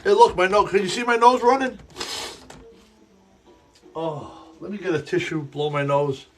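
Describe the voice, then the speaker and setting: A man hosting a live stream from his model railroad layout, sniffly and sneezing, talking in a rambling, halting way that often repeats itself. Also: sits high, faint music behind. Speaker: livestream host running a model railroad. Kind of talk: casual live-stream chat while working. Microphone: earpiece in ear.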